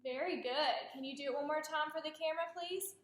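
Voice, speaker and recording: A woman's voice: high-pitched, a little fast. A woman speech therapist giving patient, encouraging instructions in a clinical demonstration. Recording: roomy echo.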